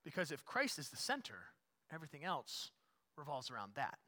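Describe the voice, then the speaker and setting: Preaching to his congregation in church, this pastor speaks a little fast, his pitch swooping wildly. His somewhat high voice is bright and forceful, building repeated phrases to loud climaxes before falling to quiet, hushed asides.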